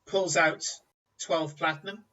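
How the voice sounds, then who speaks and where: Male game master, vivid scene-setter, bright, slightly high voice, distant muffled mic. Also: steady tone, slow. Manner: vivid descriptive storytelling. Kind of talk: narrating a tabletop game.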